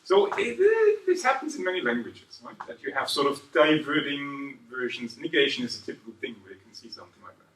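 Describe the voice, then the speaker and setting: A man's voice: a little high, brisk, few pauses, a little hiss or hum. A man teaches a seminar class, peppering his points with questions to the room. He sounds a few steps back from the microphone, and his voice rings around the hall. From southern Germany. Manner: lively, quizzes the class, tags 'right?' after points. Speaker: university lecturer. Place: lecture room. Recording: echoey room, voice far from mic.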